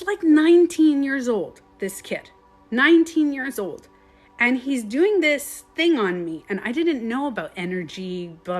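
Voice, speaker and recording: A woman who coaches meditation, telling a personal story on a live stream in an animated way, swearing casually and laughing often. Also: high-pitched.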